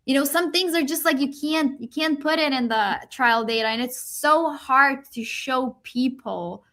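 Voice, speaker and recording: A woman guest on a podcast interview, talking earnestly and rushing through her points in a casual conversation. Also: high-pitched, a bit bright. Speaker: agriculture company guest.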